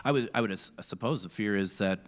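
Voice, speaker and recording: A man's voice: fairly low pitch, brisk. A man from Minnesota interviewing a guest at a convention panel, casual and enthusiastic, with frequent false starts. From Minnesota, USA. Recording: echoey hall.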